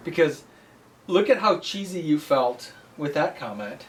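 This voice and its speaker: A man co-hosting a casual business chat, talking in an earnest, halting way with many restarts. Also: on the high side, very animated, far from the mic. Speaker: pool business co-host.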